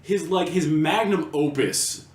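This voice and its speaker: A man's voice: a little high, recorded from a distance. A young man co-hosting a podcast, explaining things in casual chat with lots of fillers and restarts. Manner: halting, many fillers, swears. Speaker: podcast co-host. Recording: echoey room, off-mic, faint noise.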